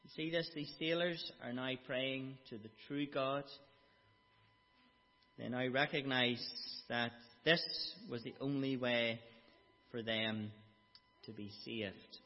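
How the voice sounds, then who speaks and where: Slow, emphatic preacher in an echoing hall. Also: male voice, medium pitch, steady tone. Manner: slow, emphatic Bible exposition with dramatic quoted speech. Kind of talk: sermon. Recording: dull sound with long hall reverb.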